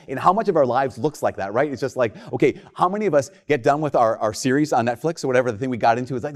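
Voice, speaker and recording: A priest giving a homily in a conversational, joking way, often acting out quoted lines. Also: male voice, medium pitch, lively intonation, fast, few pauses.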